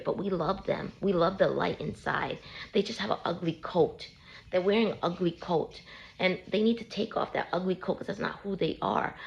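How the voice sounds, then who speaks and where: A woman speaks in a deep voice with a grainy, creaky edge, coaching her viewers through self-help advice. Her delivery is casual, earnest and repetitive, like a parent talking things through. She records herself on a handheld phone. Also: lo-fi sound. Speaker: parent giving healing advice.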